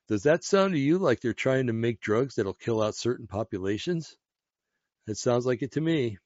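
Low-voiced man with sarcastic asides. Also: a little mellow, no room sound. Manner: sarcastic asides, frequent fillers. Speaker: commentator reading news. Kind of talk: casual commentary on read articles. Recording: dull, dry lo-fi home mic.

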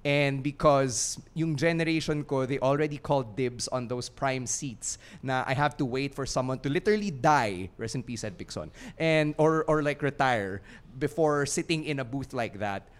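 A man's voice: mid-range voice, normal speed. A Filipino man co-hosting a wrestling podcast, talking earnestly before a live audience, rambling with fillers and slipping into Tagalog phrases. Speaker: podcast co-host.

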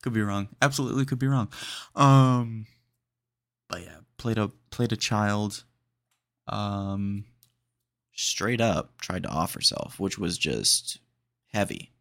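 A man hosting a podcast in casual chat, excitable and rambling, peppered with "dude". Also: lowish voice, takes it slowly, pauses often, no room sound. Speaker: podcast host.

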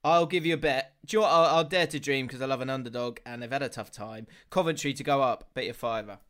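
Man, podcast host, casual banter, loud laughs, swearing, middle-pitched voice. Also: fast.

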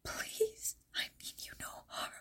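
A woman voicing a frightened, gentle young peasant girl in a soft breathy whisper, with tearful, old-fashioned formal speech, in whispered role-play. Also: on the high side, a little slow, pitched above the performer's own voice.

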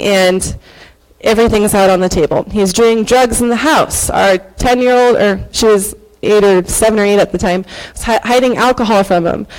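A woman in her thirties stands on a church stage before an audience, giving an earnest, emotional faith testimony with hesitant fillers. Her mid-range voice is a little mellow. The recording is rough.

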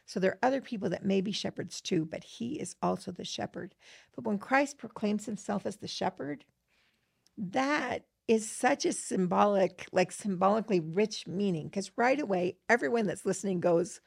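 This middle-aged woman's mid-range voice moves at a moderate pace and sounds gravelly and a bit rough. On a scripture study podcast she co-hosts, she speaks earnestly and enthusiastically with lots of fillers and reads verses aloud, captured in a dry, clean studio recording.

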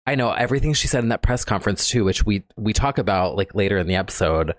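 A man co-hosting a podcast in casual chat, giggly and gushing, with quick asides. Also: lowish voice, expressive, dry recording, clean studio sound. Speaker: podcast co-host.

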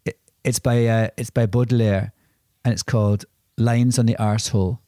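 Man, podcast co-host, anecdotal and rambling, mid pitch, dry studio sound. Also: steady tone, normal speed, dark tone, no room sound. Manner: rambling, self-interrupting anecdotes with many restarts. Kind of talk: casual storytelling chat.

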